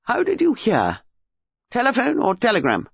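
Probing older English gentleman, brisk and husky, played by a male reader. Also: very high voice, huge pitch swings, no echo, lo-fi sound, voice pushed up, full character voice.

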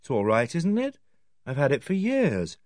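A man's voice: on the high side, wildly swooping pitch, moderate pace, a little mellow, dry recording, voice pushed up. A man reading aloud and voicing an awkward, artless young woman who speaks in a guileless, offhand way.

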